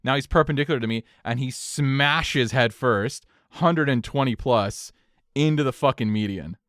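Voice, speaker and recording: A young man tells a wild story on a podcast, casual and loose with his language. His voice is smooth and clear, and it sits in a dry, close-miked room. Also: mid-range voice, normal speed, no room sound. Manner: animated, profane storytelling with swings in energy. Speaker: podcast co-host.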